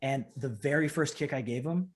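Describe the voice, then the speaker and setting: A man talking casually as an interview guest, telling an animated story with lots of "like" and acting out what people said. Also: medium pitch, moderate pace. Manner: animated, acts out the voices of people in his stories, fills in with "like". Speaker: professional wrestler, interview guest.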